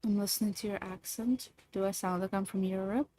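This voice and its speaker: A woman's voice: mid-range voice, fairly even intonation, brisk, mellow, dry recording. A woman chatting casually with her livestream viewers in a playful, teasing way. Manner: playful, teasing, lots of laughs.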